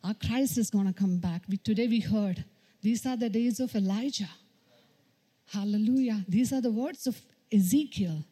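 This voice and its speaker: Woman preaching, mellow voice. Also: medium pitch, moderate pace, slightly rough. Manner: repetitive exhortation, frequent hallelujahs. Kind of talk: sermon.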